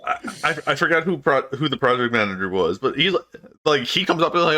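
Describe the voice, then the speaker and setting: A young man co-hosting a podcast, speaking in a laid-back, halting way with frequent restarts in casual chat. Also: mid-range voice, animated, bright, forceful tone. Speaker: podcast co-host.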